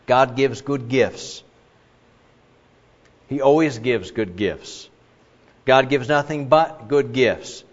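A man's voice: medium pitch, takes it slowly, pauses often. A man preaching a sermon in an emphatic way, with many asides and restarts. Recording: muffled, with long reverb in a large hall.

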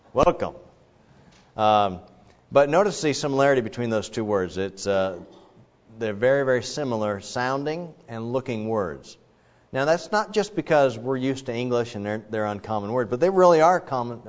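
A man giving a sermon, explaining scripture in a conversational way with frequent restarts. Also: medium pitch. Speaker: pastor. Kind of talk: sermon with Bible teaching. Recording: dull sound, long hall reverb.

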